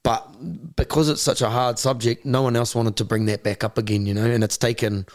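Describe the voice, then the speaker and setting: A blunt, fast-talking New Zealand man. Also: mid-range voice, fairly even intonation, dry recording, clean studio sound. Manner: blunt, swears freely, repeats words as he restarts; acts out other people's voices in his stories. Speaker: podcast guest. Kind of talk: candid conversational storytelling.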